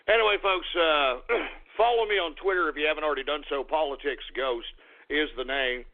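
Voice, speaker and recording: A man's voice: fairly high pitch, brisk. A man hosting a radio talk show who theatrically scolds an unseen engineer and his dog between announcements. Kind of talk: comedic call-in radio monologue. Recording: tinny phone-line audio.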